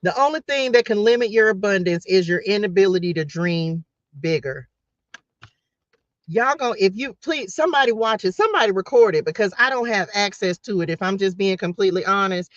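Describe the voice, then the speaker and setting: A man's voice: high-pitched, expressive, fairly quick, fairly bright tone, no echo. A man hosting a casual live spiritual talk, passionate and emotional, close to tears, often restarting and repeating phrases. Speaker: host giving a spiritual message. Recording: dull lo-fi dry sound.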